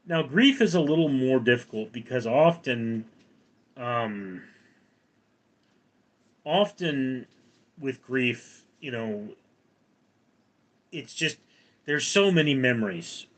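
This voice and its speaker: A man in his forties hosts a live stream in an expressive, medium-pitched voice, speaking slowly with long pauses. He reads viewers' comments aloud and gives rambling answers.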